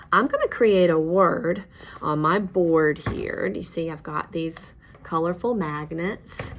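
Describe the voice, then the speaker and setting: A woman teacher giving a reading lesson, patient and encouraging, praising each answer. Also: fairly low pitch. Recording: faint background noise.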